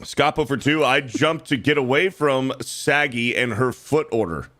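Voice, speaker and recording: Profane bright-voiced male co-host. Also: medium pitch, unhurried. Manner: crude, profane banter. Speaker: livestream co-host reading donations. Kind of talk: casual chat.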